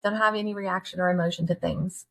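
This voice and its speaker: A middle-aged woman, hosting a candid solo talk and speaking to listeners in an earnest, folksy, animated way. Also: lowish voice, fast, gravelly. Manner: earnest, folksy, animated, with laughs and direct questions to the audience. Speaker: podcast host.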